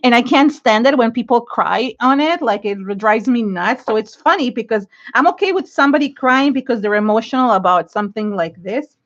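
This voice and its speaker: A woman's voice: fairly high pitch, lively intonation, a little fast, hardly any pauses, fairly bright tone. A middle-aged woman with an Israeli accent, chatting frankly and effusively to viewers on an art livestream, rambling with many fillers and restarts. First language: Hebrew. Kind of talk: casual livestream chat while inking. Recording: dull lo-fi livestream audio.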